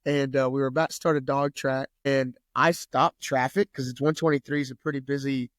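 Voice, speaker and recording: A man's voice: mid-range voice, level tone, a little fast, no echo, studio quality. A man, a podcast guest telling a story in loose casual talk full of swearing and fillers. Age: 30s. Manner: loose, profane, lots of "like".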